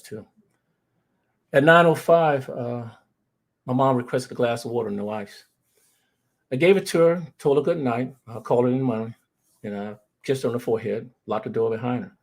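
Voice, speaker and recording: Husky man giving an earnest grief talk. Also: medium pitch. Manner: earnest, addresses the audience as "fam". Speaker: grief recovery speaker. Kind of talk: motivational presentation with personal stories.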